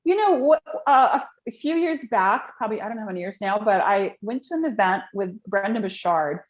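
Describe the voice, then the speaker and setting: A woman's voice: mid-range voice, fairly quick. A middle-aged woman, a video and voice coach, telling rambling stories in a casual interview. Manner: animated, rambling storyteller. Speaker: guest, live video and voice coach.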